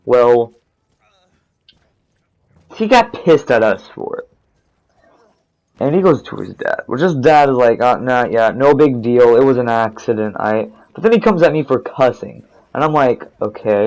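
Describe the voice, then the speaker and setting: A man's voice: medium pitch, a little mellow, muffled recording. A teenage boy telling a rambling, profane story over gameplay, restarting his sentences often. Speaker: gaming storytime narrator.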